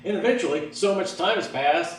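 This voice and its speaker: A man doing stand-up, telling a story about himself and acting out the voices in his head with big jumps in his pitch. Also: a little fast. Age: adult, looking back on his teens. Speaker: stand-up comedian. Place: stage in a hall with an audience. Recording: echoey hall, mic from far off.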